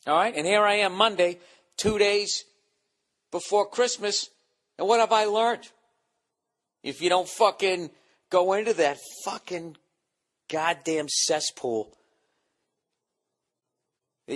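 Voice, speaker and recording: Man ranting sarcastically on a podcast. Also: mid-range voice. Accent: Boston. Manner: profane, sarcastic, animated ranting. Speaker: podcast host. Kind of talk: rambling comedic monologue.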